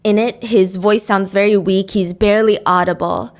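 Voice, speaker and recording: A woman with a medium-pitched voice narrates a true crime case. She dwells on grisly details and reads quotes out as she tells it. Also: steady tone, normal speed.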